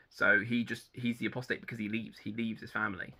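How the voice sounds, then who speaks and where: A man's voice: fairly low pitch, fairly even intonation, quick pace, creaky, hardly any pauses, sharp tone. A man giving a chatty, rambling spoken review of short stories, full of ums and restarts. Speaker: book reviewer. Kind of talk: casual spoken book review.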